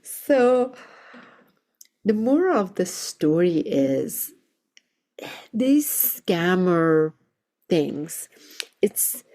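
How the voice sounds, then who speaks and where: A woman reverend hosting a solo podcast episode, telling a personal story in a soft, earnest way and laughing now and then. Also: lowish voice, big pitch swings, very slow, long pauses. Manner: soft-spoken, earnest, laughs while recounting.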